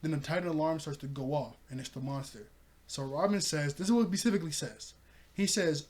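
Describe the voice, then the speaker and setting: A man's voice: a little high, quick pace, darkish tone. A young man casually recapping and reviewing a cartoon episode, chatty, laughing often and acting out quoted lines.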